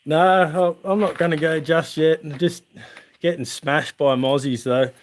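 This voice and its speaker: A man's voice: on the high side, steady tone, a little slow, slight background noise. An Australian man, the channel host, chatting on a livestream from outdoors at night and laughing through funny camp stories. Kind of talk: casual livestream storytelling.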